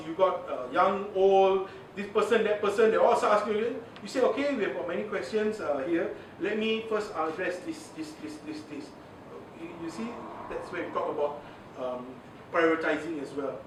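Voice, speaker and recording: A man giving a chatty training lecture, full of fillers and asides. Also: sits high. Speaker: communications trainer. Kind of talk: informal workshop lecture. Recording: echoey room from far off, faint hiss.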